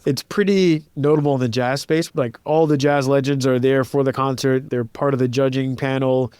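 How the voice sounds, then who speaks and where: Speaking at normal speed in a steady, mid-range voice that's smooth and a little mellow, this composer-pianist in his thirties reflects casually on stories during an interview. He uses "like" a lot and imitates voices when quoting others. No room sound is audible.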